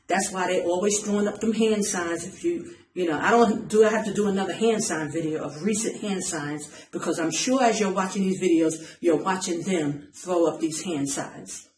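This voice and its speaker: A woman's voice: lowish voice, a little mellow, a little hiss or hum. Urgent woman preaching in an echoey room. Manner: urgent, pleading, repeats phrases. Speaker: self-styled preacher. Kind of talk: impassioned online preaching.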